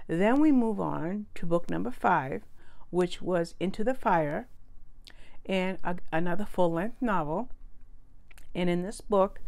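A woman giving a casual spoken book review, chatty and prone to correcting herself and wandering into asides. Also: fairly low pitch.

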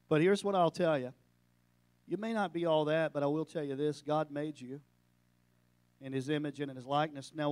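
Male preacher, slightly high-pitched, dry close recording, sermon storytelling with emphatic peaks. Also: clear, resonant tone, dry recording. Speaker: pastor. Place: church sanctuary.

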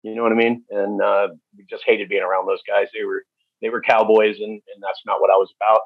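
A man speaking as a podcast guest, telling stories in a candid, halting way with many fillers. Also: lowish voice, little pitch movement, no echo. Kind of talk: storytelling interview. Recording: dull, dry lo-fi recording.

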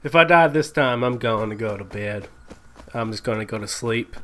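A young man giving live, excitable commentary on a game he plays, swearing and yelling when surprised. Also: mid-range voice, moderate pace. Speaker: gaming commentator.

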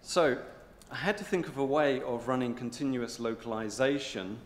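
A man delivers a rehearsed pitch, stressing key words slowly and deliberately. His voice is mid-pitched and echoes through a big hotel hall. A long reverb follows each phrase. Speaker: presenter.

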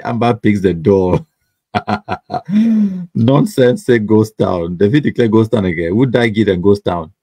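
A livestream host with a Cameroonian Pidgin English accent reads out viewer comments in a chatty, mocking way, laughing often and repeating words. His voice is lowish, mellow and slightly rough, and the recording is dry.

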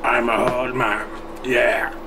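A man with a Swedish accent speaking deadpan, broken English, boasting over and over in a played online video. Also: medium pitch, slow pace, heavy background noise. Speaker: YouTuber in a played clip.

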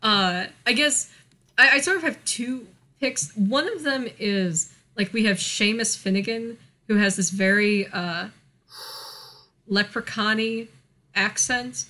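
American woman, podcast co-host, bright crisp voice, chatty, lots of like and um. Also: medium pitch, takes it slowly. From United States. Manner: chatty, lots of fillers, laughs often. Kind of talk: casual chat.

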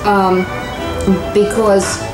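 Reflective mom talking openly, echoey room, loud music behind. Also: female voice, mid-range voice, level tone, extremely slow. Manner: candid, reflective. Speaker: mother of a gay child. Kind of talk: interview conversation.

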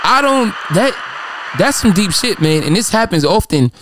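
A man's voice: high-pitched, very animated, moderate pace, background noise. A man, hosting a casual advice show, blunt and profane, telling stories and answering questions. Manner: blunt, profane, storytelling with quoted voices. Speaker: podcast host.

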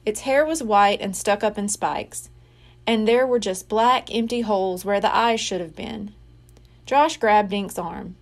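A woman reading a children's mystery book aloud, slowly and expressively. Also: mid-range voice. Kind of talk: read-aloud storybook narration.

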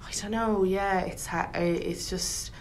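A woman's voice: medium pitch, fairly even intonation, takes it slowly. A young Irish woman chatting casually and joking at her own expense, often trailing off and restarting. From Ireland. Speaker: comedian, show host. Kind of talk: casual chat.

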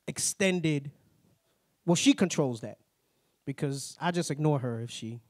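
A man teaching a Bible class in a plain-spoken, conversational way, tagging his points with a quick "right?". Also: on the high side, dry recording, clean studio sound. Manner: tags nearly every point with "right?"; plain-spoken, slangy asides.

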